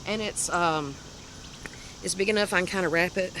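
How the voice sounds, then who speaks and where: A woman's voice: on the low side, normal speed. Southern woman host, chatty show-and-tell, laughs at herself, faint noise behind. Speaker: crochet podcast host. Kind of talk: casual show-and-tell chat.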